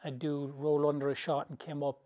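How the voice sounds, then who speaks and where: Slightly high and slightly fast, this voice belongs to a boxing trainer from England giving storytelling interview answers. His anecdotes are loose, colloquial, and rambling, told with animation and frequent laughter.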